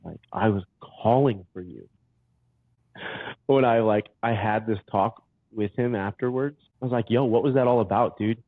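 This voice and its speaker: Brief: podcast guest, low-voiced man, animated storyteller, thin phone-like sound. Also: normal speed, dry recording. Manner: animated storyteller, says dude a lot. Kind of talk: casual conversation. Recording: tinny phone-like line, dry.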